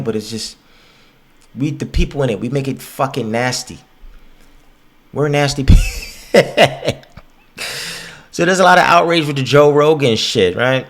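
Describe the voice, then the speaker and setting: A man hosting a podcast, ranting casually and profanely and acting out other people's voices. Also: medium pitch. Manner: profane, animated, acts out quoted voices. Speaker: podcast host.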